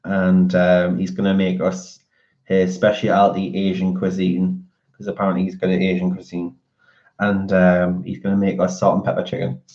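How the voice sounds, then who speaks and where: A man's voice: deep voice, monotone, moderate pace, a little mellow. A man chatting casually with viewers on a live stream, rambling with lots of fillers and restarts. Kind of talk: casual chat. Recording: dull lo-fi audio.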